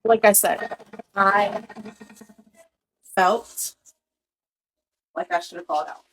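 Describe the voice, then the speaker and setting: A woman's voice: mid-range voice, slow, fairly bright tone, slight background noise, rough recording. A young woman telling a personal story in a casual, exasperated way, restarting her sentences and saying "like" often. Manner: exasperated, talks in restarts with lots of "like".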